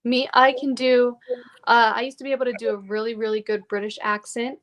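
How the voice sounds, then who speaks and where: A woman, an actor guesting on a podcast, talking reflectively in casual conversation with many pauses and fillers. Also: on the high side, little pitch movement, a bit bright.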